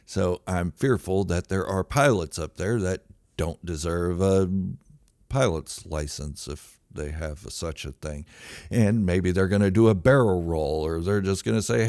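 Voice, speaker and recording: A man telling a true story in a casual monologue, self-mocking and dramatic, with sudden loud outbursts. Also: deep voice, takes it slowly, no room sound, studio quality.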